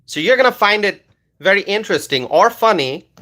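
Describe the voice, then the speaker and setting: A man from Bangladesh, hosting a casual livestream and reading viewer comments aloud, animated and loud at times. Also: high voice, brisk. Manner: animated, loud at times, with many fillers and repeated words. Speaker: livestream host reading chat.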